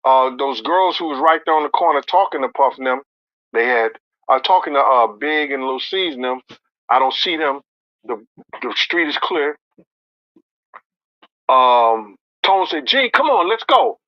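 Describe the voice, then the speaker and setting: A man recounting a story in profane street slang, acting out others' lines and rising to near shouts. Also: mid-range voice, unhurried, pauses often, no room sound, muffled recording. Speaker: storyteller in an interview clip.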